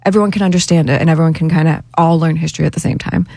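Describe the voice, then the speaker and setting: A woman guest in a casual interview chat, upbeat and relaxed, with lots of fillers. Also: sits low, racing, vocal fry, dry recording.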